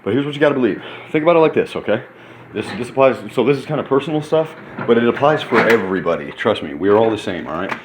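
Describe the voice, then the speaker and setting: A man in his thirties, excitable and rambling in a casual vlog monologue, sometimes talking while eating in a hotel room. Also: medium pitch, fast talker, background noise. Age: 30s. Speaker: vlogger.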